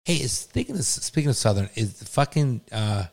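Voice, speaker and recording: Blunt, swearing podcast co-host, lively voice. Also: male voice, brisk, creaky. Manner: blunt and profane, swings widely in pitch. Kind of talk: casual chat.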